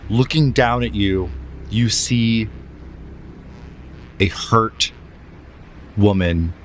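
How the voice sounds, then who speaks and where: A man narrating a tabletop game as game master, describing scenes slowly and dramatically with pauses, then explaining rules. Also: lowish voice, a little hiss or hum.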